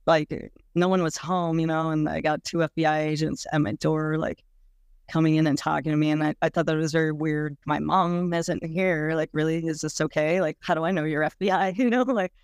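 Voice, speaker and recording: A woman's voice: low-pitched, fairly even intonation, normal speed, clear, resonant tone, dry recording, studio quality. A woman recalling her own experiences in an interview, speaking frankly and casually, full of "like"s and the odd blunt swear word. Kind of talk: candid personal recollection.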